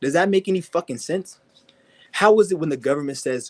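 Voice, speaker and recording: This vlogger speaks fairly quickly in a darkish male voice, ranting aggressively with constant swearing and mockery. Along the way he mimics others in high, whiny tones.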